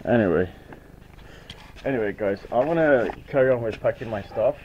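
Young male vlogger, animated pitch, rambling chatty delivery, slightly dull lo-fi phone sound with faint hiss. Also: moderate pace. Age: young adult. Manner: chatty, loose, with frequent fillers and restarts. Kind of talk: casual vlog talk. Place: family home and garden.

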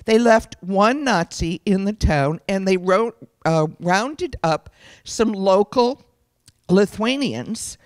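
A middle-aged woman from the United States, a guest speaker giving an earnest, reflective personal testimony at a lecture, pausing to correct herself as she goes. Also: medium pitch, lively intonation, no room sound.

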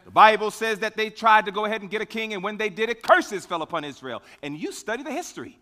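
A male preacher with a high, bright voice that swoops all over as he builds each point. He asks questions and answers them himself, leaning hard into key words. His voice rings out in a long-reverb hall. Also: animated, quick pace. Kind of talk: sermon.

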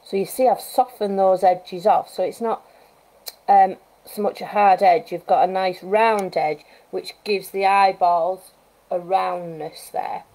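A woman wildlife artist giving a live painting demonstration, chatting and thinking aloud as she works, with gentle coaching asides. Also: mid-range voice, fairly even intonation, measured pace, low-quality recording. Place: art studio at home, live stream.

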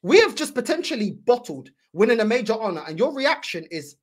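Speaking very high-pitched and brisk, with big pitch swings and few pauses, a London-accented man hosts a football fan channel. His reaction is a heated, angry rant in which he keeps calling people "bro".

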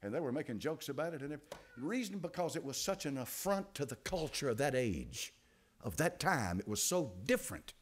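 An older male pastor with an East Tennessee accent delivers a sermon. His pitch swoops widely as he moves from hushed asides to loud, dramatic exclamations. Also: sing-song, brisk, husky. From United States. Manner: dramatic preaching, dropping to low quiet asides and rising to loud exclamations.

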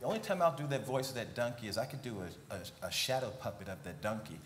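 A man telling jokes in an interview, animated and laughing often. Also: medium pitch, fast talker, reverberant, a little hiss or hum. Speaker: cast member interviewee. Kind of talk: conversational interview.

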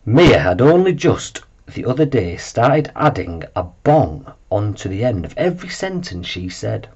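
A man reading a children's story aloud in a playful, animated way. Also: on the low side, unhurried, hardly any pauses, husky. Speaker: storybook reader.

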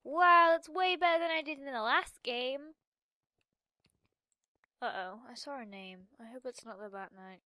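A young woman giving bubbly, rambling commentary while playing a video game, with quick laughs between remarks. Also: fairly high pitch, sharp tone, no room sound, studio quality. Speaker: gaming commentator. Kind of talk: casual Minecraft let's-play commentary.

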